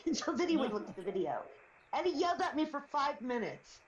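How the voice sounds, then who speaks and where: A middle-aged woman chats casually on a live stream, speaking fast in a high voice with big pitch swings. She rambles through stories and laughs often, with roomy, slightly dull stream audio.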